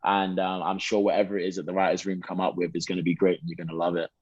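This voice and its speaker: An English actor with a deep, low voice speaks quickly in a put-on American accent that leans toward Detroit, appearing as an interview guest. His casual answers ramble loosely and relaxedly, full of fillers and restarts. The recording is dry and a bit muffled, with no echo.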